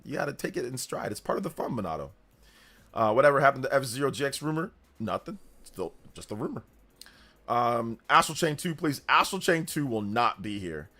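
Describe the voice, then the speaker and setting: A man hosting a live stream, chatting casually, reading out chat messages and thanking viewers, often laughing. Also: medium pitch. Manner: animated, reads chat aloud, laughs often. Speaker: livestream host.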